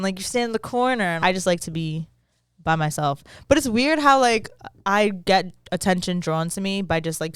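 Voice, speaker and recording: A woman's voice: on the low side, smooth, no room sound, studio quality. A woman co-hosting a podcast, chatting in a laid-back way and recounting conversations, laughing often. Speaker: podcast co-host. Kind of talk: casual chat.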